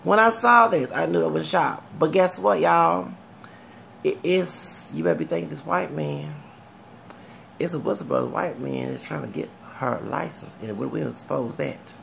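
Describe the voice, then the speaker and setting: A man's voice: a little high, fairly even intonation, moderate pace, gravelly, a little hiss or hum. A man from Texas with a Southern accent, talking straight to the camera in a rambling commentary and often checking whether the viewer gets his point. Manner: rambling, keeps asking the viewer if they get his point. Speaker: vlogger. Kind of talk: casual commentary rant.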